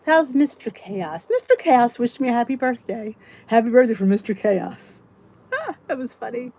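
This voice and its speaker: A woman's voice: on the high side, lively intonation, moderate pace, dark tone, low-quality recording. A woman in her fifties hosting a casual live support chat, ranting and talking straight to her viewers, greeting them by name. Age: 50s.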